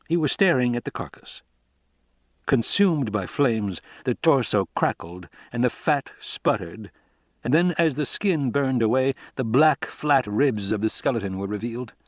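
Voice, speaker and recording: A man narrates an audiobook in a steady, measured voice of ordinary middle pitch. The recording is close and dry, with no room sound around it. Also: no room sound. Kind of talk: scripted narration.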